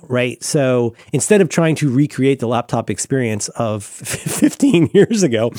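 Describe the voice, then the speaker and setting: A man chatting casually about tech as a podcast co-host, excitable and rambling with many restarts. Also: medium pitch, a little slow, few pauses, no room sound, clean studio sound.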